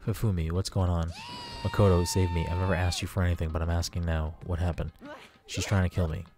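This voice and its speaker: A man reading a melodramatic young otaku, low voice. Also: level tone, quick pace. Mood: pleading. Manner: melodramatic, pleading. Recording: faint game music behind.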